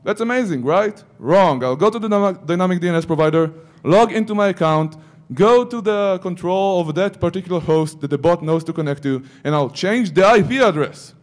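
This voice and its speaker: A man's voice: high-pitched, animated, a little fast, few pauses. A man giving a security conference talk, breaking into joking asides to the audience. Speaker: conference speaker.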